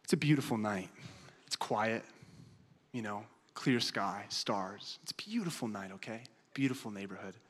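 A man's voice: fairly low pitch, animated, moderate pace, a bit bright, slightly rough, long reverb tail. A man preaching a sermon and telling a funny story with lots of animation. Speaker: pastor.

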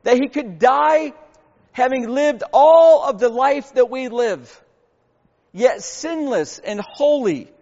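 A man's voice: extremely high pitch, slow, darkish tone, in a large hall, lo-fi sound. A man preaching a sermon as a pastor, earnest and emphatic, posing rhetorical questions to the congregation.

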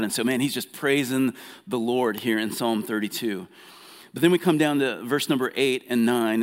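Earnest male preacher in a reverberant hall. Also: medium pitch. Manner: earnest, repeats words, paraphrases God's voice softly. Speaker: pastor. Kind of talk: sermon.

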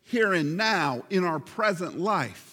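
A male pastor preaching a sermon with emphatic, slowly stressed phrases. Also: high-pitched, lively intonation, pushed and bright, big-room sound.

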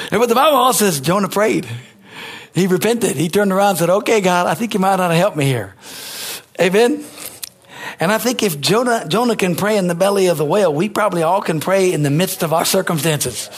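A man's voice: high voice, slightly rough. A man preaching a sermon as pastor, emphatic and calling out to his congregation for responses.

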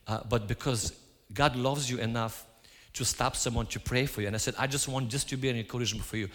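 A preacher with a medium-pitched, slightly bright voice delivers a sermon in a church, the hall reverb clearly audible. He tells stories and acts out his own quoted lines.

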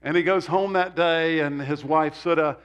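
A male pastor preaching a sermon in a church, animated and emphatic, with sudden jumps up in pitch on key words. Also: normal speed, clear, resonant tone, dull audio. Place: church sanctuary.

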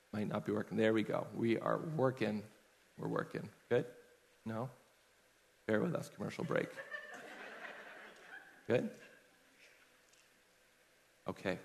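A man's voice: medium pitch, vocal fry, fairly bright tone. A man preaching a sermon in a conversational way, telling personal stories to his congregation. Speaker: pastor. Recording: long hall reverb.

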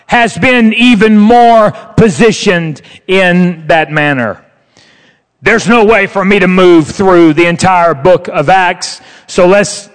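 A man with a very high voice delivers a sermon in a church. He speaks slowly and emphatically, stretching the words he stresses. The sound rings with the long reverb of a large hall. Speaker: preacher. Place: church sanctuary.

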